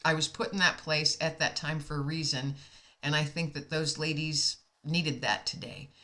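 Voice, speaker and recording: Bright-voiced, heartfelt American woman. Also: deep voice, fairly even intonation, moderate pace. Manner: heartfelt, emotional, laughs often. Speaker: co-host telling a personal story. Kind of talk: casual storytelling chat.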